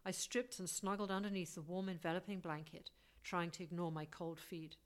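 A woman narrates a first-person story for an audiobook, bringing a wry, lightly humorous manner to the reading. Her fairly low voice keeps a fairly even intonation at a normal speed.

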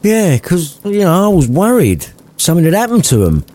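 A man voicing a crude, sarcastic old miser who swears loudly. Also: medium pitch, moderate pace, voice pushed up, close to an everyday voice. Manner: loud foul-mouthed rants.

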